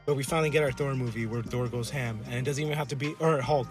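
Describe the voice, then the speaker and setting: A man co-hosting a casual podcast, rambling and swearing as he riffs and acts out characters in quick asides. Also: medium pitch, fairly even intonation, faint music behind. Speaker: podcast co-host. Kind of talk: casual chat. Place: collectibles shop.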